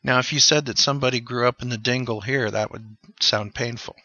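A man's voice: mid-range voice, fairly even intonation, fairly quick, sharp tone, no room sound. A man speaking as a guest in a casual discussion, loose and chatty with lots of fillers. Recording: dull, dry sound.

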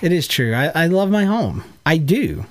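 A man's voice: on the high side, sing-song. A man co-hosting a podcast with his wife, teasing her in casual chat. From Georgia, US. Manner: playful, teasing, quick to laugh. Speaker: podcast co-host.

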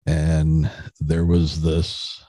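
A man's voice: extremely low pitch, monotone, extremely slow, warm tone, no echo. A middle-aged man, a podcast guest, telling a story in a rambling casual way with restarts.

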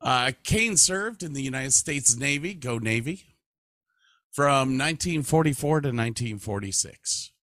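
A man co-hosts a casual podcast and reads facts aloud to his partner. He talks slowly, and his pitch moves a lot. His voice is bright and recorded dry. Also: no room sound. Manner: reads facts aloud with lively, animated delivery. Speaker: podcast co-host. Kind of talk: casual chat.

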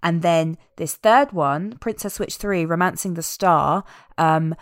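A woman in casual chat, recapping a film with animated, wry asides. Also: lowish voice, measured pace, no echo, studio quality.

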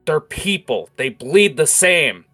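A man doing a gruff, weary guard captain. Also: fairly low pitch, moderate pace, bright, forceful tone, faint music behind. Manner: gruff, angry.

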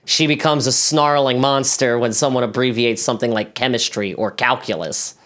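Man, podcast co-host, wry, profane quips, casual banter, middle pitch. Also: steady tone, normal speed, fairly bright tone. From Maryland.

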